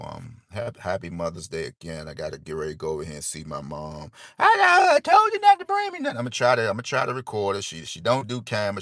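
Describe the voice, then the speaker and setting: A man's voice: low voice, dry recording, clean studio sound. A man hosting a casual lottery-tips livestream, rambling and laid-back, dropping "man" into nearly every sentence.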